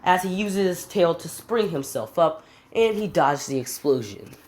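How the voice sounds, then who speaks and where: A woman with a low voice narrates a fan story in an offhand, slangy ramble. Her pitch climbs and drops a lot as she talks, as if making it up while she goes. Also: expressive, unhurried, a little mellow.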